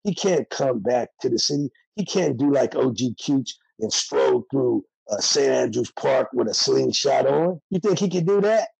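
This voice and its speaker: Gravelly streetwise man, blunt and heated. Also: mid-range voice, unhurried, few pauses, darkish tone, dry recording, low-quality recording. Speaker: interviewee, former prisoner. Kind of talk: candid interview talk.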